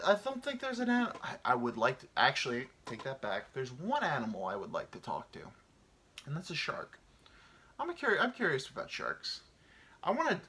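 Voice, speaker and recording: Thirties male solo podcaster: loose, profane, rambling delivery with a bright, animated voice. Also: medium pitch, slightly rough. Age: 30s. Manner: rambling, crude, many fillers. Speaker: podcast host. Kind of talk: casual solo podcast monologue.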